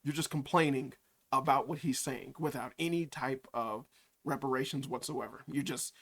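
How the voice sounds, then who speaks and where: A man's voice: medium pitch, normal speed, a bit bright. A man doing reaction commentary on a video, mocking, swearing and often breaking into laughter. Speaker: YouTube commentator.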